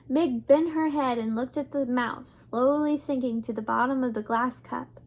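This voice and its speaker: A woman reading a children's novel aloud in a gentle, measured storytelling voice. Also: high voice. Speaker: reader.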